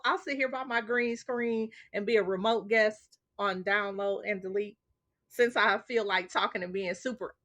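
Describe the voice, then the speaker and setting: Bright-voiced chatty woman host. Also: fairly high pitch. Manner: chatty, laughs often, talks straight to viewers. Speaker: livestream host. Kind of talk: casual late-night live chat.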